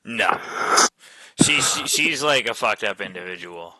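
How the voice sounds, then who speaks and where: A man with a lowish, bright, forceful voice speaks animatedly but a little slowly, recorded dry. Hosting a voice chat with friends, he tells a long, loose, profane story through a headset mic, leaning heavily on "like" fillers.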